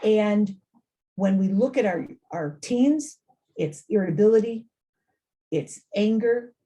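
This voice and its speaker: A middle-aged woman giving an informal talk to parents, lively and conversational, often acting out quoted lines and repeating phrases for emphasis. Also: mid-range voice, slow pace. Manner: animated, acts out quoted voices, repeats phrases. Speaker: family engagement speaker.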